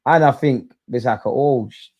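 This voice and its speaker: A young man hosting a live football watch-along, animated and slangy, swinging from loud outbursts to low muttering. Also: moderate pace, creaky.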